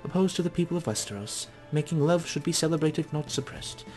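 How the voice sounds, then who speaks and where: A man's voice: fairly high pitch, lively intonation, brisk, a little mellow, faint music behind, close to an everyday voice. A man voicing a proud, matter-of-fact woman who runs a tavern, in a raised voice.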